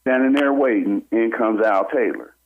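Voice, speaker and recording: A man calling in to a radio show, telling a personal story in an animated way and acting out what other people said. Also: fairly low pitch, normal speed. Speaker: caller. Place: on a phone call into a radio show. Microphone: telephone. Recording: tinny phone line.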